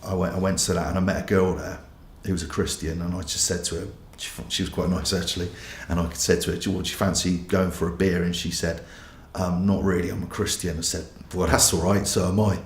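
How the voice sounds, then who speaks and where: Low-voiced bloke, pastor, telling his own story frankly, bit of room echo. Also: level tone, fairly quick, a little hiss or hum. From England. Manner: candid, self-mocking storytelling. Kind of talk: personal testimony.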